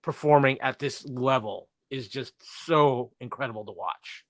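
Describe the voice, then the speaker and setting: A man's voice: mid-range voice, unhurried, no echo. A man in a casual podcast discussion, earnest and full of praise.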